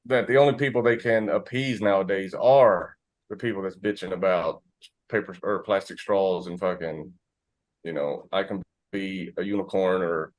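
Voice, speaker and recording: Animated, foul-mouthed American podcast guy. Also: sits low, moderate pace. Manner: animated storyteller, swears freely. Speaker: podcast co-host. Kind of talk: casual chat.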